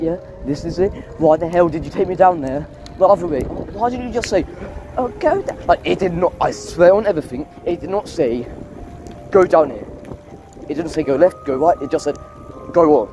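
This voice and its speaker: Exasperated man ranting while cycling. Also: on the high side. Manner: exasperated, ranting at sat-nav, swearing. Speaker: vlogger. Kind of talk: casual running commentary while cycling. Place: outdoors on an electric bike along paths and roads. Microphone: bike-mounted camera.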